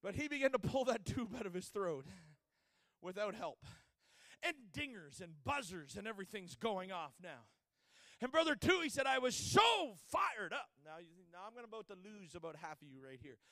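A man's voice: sits high, very animated, moderate pace, fairly bright tone, dry recording, clean studio sound. A man preaching a sermon, telling a story dramatically and acting out the people in it.

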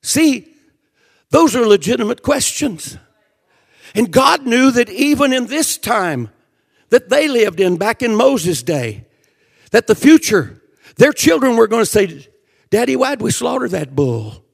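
An older man preaching a fervent sermon, emotional, swinging from shouted passages to quiet storytelling. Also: extremely high pitch, very animated, measured pace, creaky, long pauses.

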